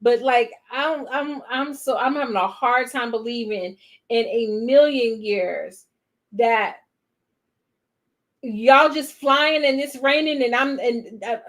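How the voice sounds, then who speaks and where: A woman's voice: on the high side, takes it slowly. Chatty woman talking back at a movie. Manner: talks back at the screen in disbelief; chatty, rambling, with trailing restarts. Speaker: movie reaction host. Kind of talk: casual watch-along commentary.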